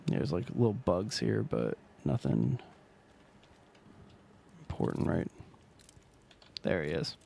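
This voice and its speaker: Gravelly-voiced man chatting through a game. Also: low-pitched, takes it slowly, pauses often, a little hiss or hum. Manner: rambling, relaxed, trails off mid-sentence. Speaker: streamer. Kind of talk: casual gameplay commentary.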